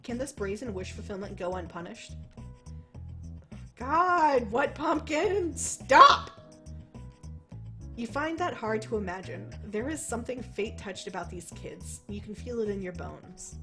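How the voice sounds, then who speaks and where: A woman's voice: mid-range voice, moderate pace, few pauses, faint music behind. A young woman playing through a visual novel, reading its narration aloud and breaking off into rambling, swear-filled commentary. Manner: animated, swears freely, rambles. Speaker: let's play host.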